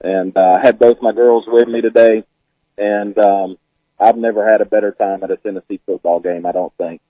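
Southern man, caller, husky voice, tinny phone line, emotional. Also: fairly low pitch, steady tone, moderate pace, dry recording. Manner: heartfelt, emotional, chokes up. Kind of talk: phone-in chat.

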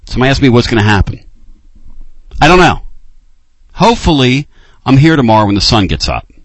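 A man hosting a late-night sports call-in show, ranting with fire and dropping to low, intense urging. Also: very animated, fairly quick, breathy edge, dry recording. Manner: fired-up ranting, swinging between loud outbursts and low intense urging. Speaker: sports talk show host.

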